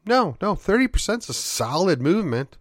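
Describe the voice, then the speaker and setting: A man's voice: high-pitched, big pitch swings, normal speed, no room sound, clean studio sound. A man hosting a show, delivering an opinionated monologue full of rhetorical questions and needling sarcasm. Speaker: podcast host.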